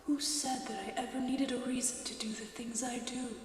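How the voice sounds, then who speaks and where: A woman's voice: a little high, fairly even intonation, normal speed, slight background noise, natural voice. A woman voicing a bored, cruel shadow spirit in a taunting whisper, as whispered role-play, in an echoey, distant recording.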